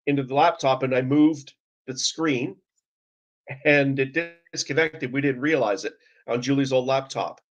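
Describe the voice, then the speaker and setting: A man's voice: mid-range voice, unhurried. Canadian man on a muffled video call. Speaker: guest. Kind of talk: casual video-call chat. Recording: dull lo-fi video call audio.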